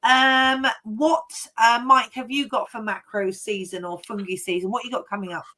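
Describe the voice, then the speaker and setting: A woman's voice: fairly high pitch, fairly even intonation, normal speed, pushed and bright. A woman hosting a casual online panel chat, friendly and chatty. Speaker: host.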